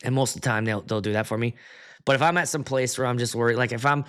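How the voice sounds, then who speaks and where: A man's voice: mid-range voice, fast, clean tone. A man hosting a casual livestream as a DJ, telling stories and acting out quotes from guests with plenty of swearing. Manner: animated storyteller who acts out quotes with swearing. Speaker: DJ and livestream host.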